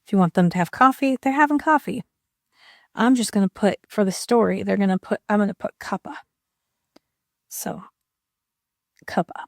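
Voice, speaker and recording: A woman's voice: medium pitch, expressive, normal speed, gravelly, long pauses, no echo, studio quality. A woman chatting casually and rambling a little while she swatches inks, with self-deprecating asides. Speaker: ink and art video creator.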